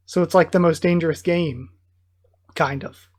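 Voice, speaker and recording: A channel host reacting live to a comic chapter, reading parts aloud with excited outbursts. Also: medium pitch, unhurried. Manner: excitable, bursts of enthusiasm between plain read-aloud passages.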